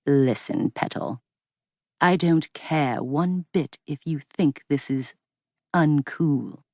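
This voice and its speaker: A woman's voice: sits low, slow pace, a little mellow, no echo, clean studio sound, heavily acted. A woman narrator voicing a surly, cold young Englishman with an English accent, clipped and stern. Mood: curt, dismissive.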